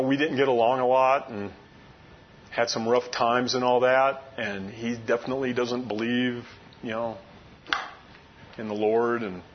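A middle-aged man preaching a sermon in an earnest, conversational, folksy storytelling way. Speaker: pastor. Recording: muffled lo-fi recording with faint rumble.

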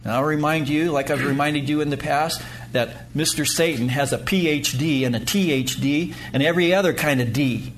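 A man preaching a sermon as pastor to his congregation, emphatic, rising to loud peaks and dropping low. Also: moderate pace, a little hiss or hum.

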